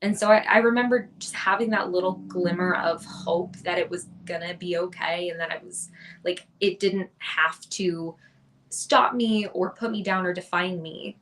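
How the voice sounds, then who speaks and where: A woman's voice: fairly low pitch, moderate pace, a bit bright, a little hiss or hum. A young woman, a podcast guest, telling her story in an earnest, chatty way with lots of restarts. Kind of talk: casual interview storytelling.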